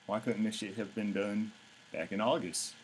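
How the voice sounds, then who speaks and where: A man's voice: on the low side, fairly even intonation, moderate pace, very noisy. A man hosting his own show, ranting in a blunt, mocking, profane way. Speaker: vlog host. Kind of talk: casual ranting commentary.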